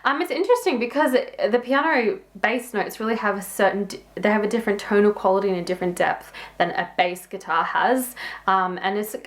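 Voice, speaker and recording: A woman's voice: medium pitch, brisk. A young woman chatting casually as she reacts to a song, full of "like" and "um", giggling often. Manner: chatty, lots of "like" and "um" fillers, giggly. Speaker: music reaction vlogger. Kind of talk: casual music reaction commentary. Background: song playing faintly underneath.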